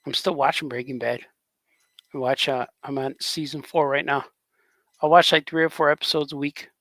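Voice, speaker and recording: A man's voice: medium pitch, steady tone, normal speed, a bit bright, no room sound. A man, a cartoonist, chatting casually on a livestream, rambling and laughing often. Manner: rambling, laughs often, drops into grunting impressions. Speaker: cartoonist co-hosting a livestream chat. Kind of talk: casual chat.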